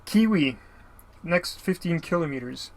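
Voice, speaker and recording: Here a Canadian YouTuber unhurriedly unboxes mail sent to him, his rather high voice lively in intonation. He rambles casually, leans on filler, and apologizes a lot.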